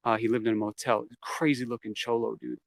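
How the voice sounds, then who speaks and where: A man's voice: medium pitch, flat delivery, brisk, vocal fry. A man telling a story from his past in a casual interview. He swears freely and acts out the quoted lines as he goes. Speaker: interview guest.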